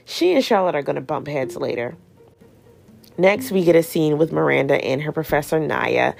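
Female podcast host, low gravelly voice, sassy slangy TV-recap chat. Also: normal speed, soft background music. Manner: sassy, slangy, animated storytelling. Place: podcast studio.

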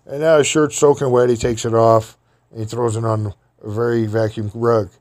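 A man's voice: medium pitch, little pitch movement, normal speed, darkish tone. Folksy rambling male storyteller. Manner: folksy, rambling, casual grammar.

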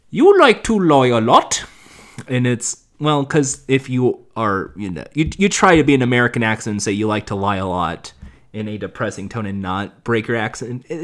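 A man's voice: medium pitch, fairly bright tone. A man in his late twenties casually recapping TV episodes, rambling and sarcastic, with the odd curse word. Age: late 20s. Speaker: TV show recapper.

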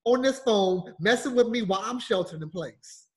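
A high-pitched man co-hosting a casual podcast. He tells his story loudly and swears freely, acting out an angry phone call with a bill collector. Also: lively intonation, moderate pace. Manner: loud, profane storytelling, acting out heated phone rants. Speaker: podcast co-host.

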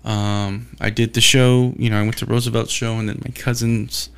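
A man's voice: medium pitch, flat delivery, normal speed, vocal fry, clear, resonant tone. A man talking alone in a casual, rambling monologue, swearing often and restarting his sentences as he rants. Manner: profane, exasperated ranting with frequent restarts.

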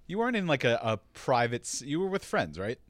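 A man's voice: mid-range voice, sing-song, brisk, no room sound, studio quality. A man co-hosting a casual chat show who jumps in with wisecracks. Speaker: podcast co-host. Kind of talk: casual banter.

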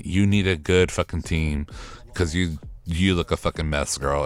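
A man hosting a podcast recap, ranting in a profane, sassy and exasperated way. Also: rumbling low. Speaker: podcast host recapping a TV show. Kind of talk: casual solo recap rant.

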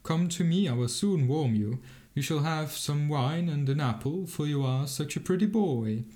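A man voicing a kindly, gentle old male poet in a storybook reading, speaking tenderly and coaxingly. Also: fairly high pitch, moderate pace, natural voice.

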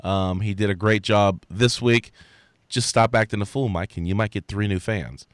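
A man's voice: on the low side, fairly even intonation, normal speed, dry recording. A man with a cold co-hosting a podcast, reading fight results in jokey casual sports chat. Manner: jokey, throws in silly impressions. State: has a cold. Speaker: podcast co-host.

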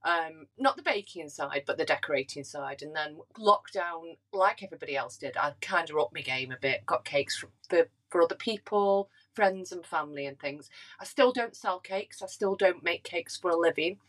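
A woman podcast guest chatting in a hesitant, self-deprecating way with many pauses. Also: deep voice, expressive, fairly bright tone, low-quality recording. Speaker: guest, hobby cake decorator. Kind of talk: casual chat.

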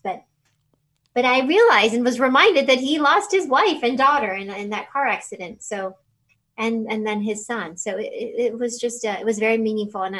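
A woman being interviewed, telling a personal story in a halting, emotional way with many fillers and restarts. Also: fairly high pitch, fairly bright tone, rough recording. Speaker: interview guest.

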